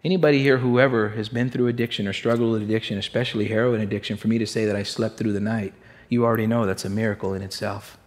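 A man's voice: fairly low pitch, steady tone, fast. A man telling a candid, emotional testimony to a congregation in a streetwise way. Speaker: speaker giving a testimony.

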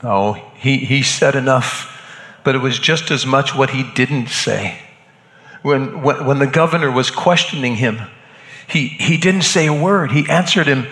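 Man as haunted Roman centurion, halting repeated words, medium pitch, echoey hall. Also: fairly bright tone. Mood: grave, shaken. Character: shaken Roman centurion, hardened male executioner.

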